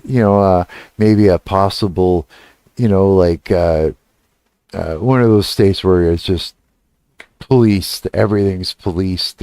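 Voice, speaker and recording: A middle-aged man talks loosely to his livestream chat, swearing freely and trailing off mid-thought before starting again. His voice is smooth and resonant. The sound is close and dry, with no room around it. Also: darkish tone, no echo. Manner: rambling and profane, trailing off and restarting; laughs and rises in pitch when retelling anger. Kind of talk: casual livestream chat, answering chat.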